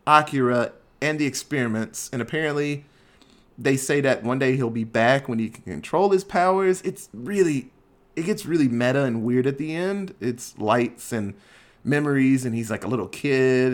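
A man co-hosting a casual movie podcast, laid-back and swearing freely as he recaps the film. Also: mid-range voice. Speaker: podcast co-host. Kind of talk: casual movie review chat.

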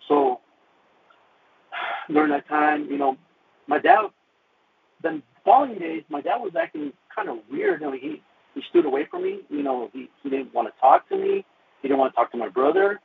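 Gravelly man telling his testimony, phone-tinny. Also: fairly high pitch, sing-song. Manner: earnest, halting, many fillers and restarts. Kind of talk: personal testimony storytelling. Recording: tinny phone-like radio recording with faint noise.

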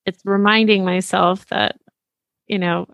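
A woman's voice: mid-range voice, level tone, a little slow, creaky, a bit bright, dry recording, dull audio. A woman being interviewed as a memoir author, speaking reflectively and casually with lots of "like". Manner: reflective, casual, uses "like" often.

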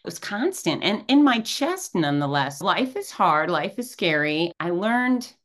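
A middle-aged woman with a low voice speaks as an interview guest. She tells her story candidly, blunt and self-deprecating, and keeps a lively drive. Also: a little slow. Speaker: guest, cancer survivor.

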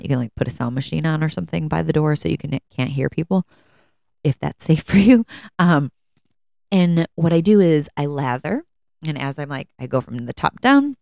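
Low-voiced woman rambling through a podcast. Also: a little mellow, no room sound, clean studio sound. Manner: rambling, conversational, with frequent fillers. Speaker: podcast host. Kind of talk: casual solo podcast talk.

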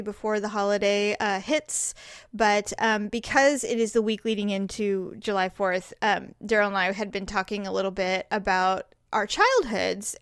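A woman's voice: mid-range voice, fairly bright tone, clean tone, no room sound, clean studio sound. A woman hosting a podcast in casual chat, goofy and prone to silly voices. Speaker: podcast host.

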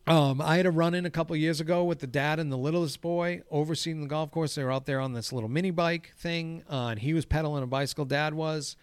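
A man's voice: on the high side, clear, resonant tone, dry recording. A man, a golf course crew boss, telling a story in casual chat, swearing freely and acting out the quoted dialogue. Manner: profane, acts out quoted dialogue.

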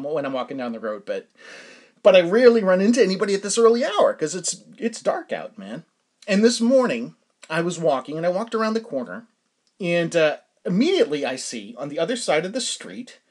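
A man hosting a podcast, telling a story in a casual chatty way, laughing often and stumbling over fillers and restarts. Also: on the high side. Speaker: podcast host.

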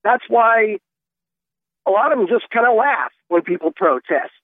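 Fervent fifties caller on a phone line. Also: male voice, sits high, animated, a little slow, slight background noise. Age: 50s. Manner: earnest, fervent, preachy. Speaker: caller, truck driver. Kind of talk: call-in radio talk.

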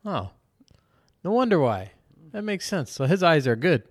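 A man hosting a casual podcast, telling a story in an animated, exasperated way. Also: on the high side, normal speed. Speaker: podcast host.

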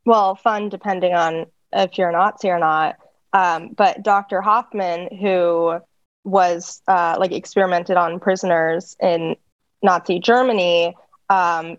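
A woman's voice: fairly low pitch, dry recording, dull audio. A woman co-hosting a podcast, chatty and sardonic, with lots of fillers. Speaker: podcast co-host. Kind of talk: casual chat.

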